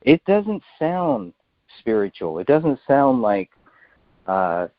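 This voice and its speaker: A man hosting a casual conversation, halting and repeating words as he thinks aloud. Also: medium pitch, big pitch swings, dry recording. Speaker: host. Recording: dry, dull lo-fi audio.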